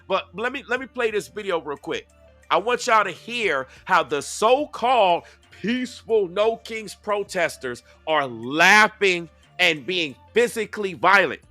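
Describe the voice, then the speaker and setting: A man's voice: high-pitched, lively intonation, unhurried, pushed and bright, soft background music. A man giving heated, casual commentary on video clips, talking straight to his audience in a confrontational, preachy way and hammering his points with rhetorical questions. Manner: loose slangy talk aimed at the audience.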